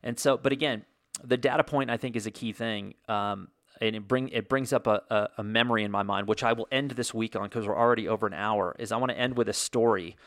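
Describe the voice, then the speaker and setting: Middle-aged male host with a gravelly voice and a dry sound, rambling and conversational. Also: fairly low pitch, quick pace, a bit bright, no echo. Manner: conversational, rambling with restarts and asides. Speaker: podcast host. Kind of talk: casual storytelling.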